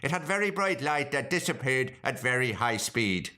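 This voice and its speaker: A man's voice: medium pitch, very animated, normal speed, bright, forceful tone. A man voicing a woman airline pilot in a put-on Irish accent. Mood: urgent.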